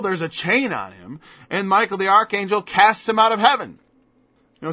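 A man's voice: high-pitched, pushed and bright, no echo. A man preaching a sermon in an emphatic style, firing off mocking rhetorical questions. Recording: dull lo-fi dry recording.

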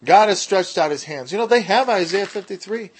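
A man teaching a casual Bible study, explaining in emphatic bursts and slowing down to stress key words, with jokey asides. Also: high-pitched, animated, breathy edge. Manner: jokey, self-deprecating asides.

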